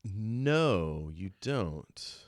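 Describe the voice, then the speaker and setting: A man running a tabletop game as game master over a video call, relaxed and quick to laugh. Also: on the low side, dry recording, studio quality.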